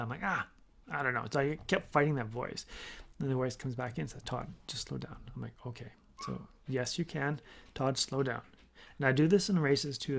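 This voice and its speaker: A man's voice: a little high, gravelly. A man hosting a triathlon coaching podcast, talking casually and telling stories that act out quoted dialogue. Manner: storytelling, acting out quoted dialogue. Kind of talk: casual solo podcast talk.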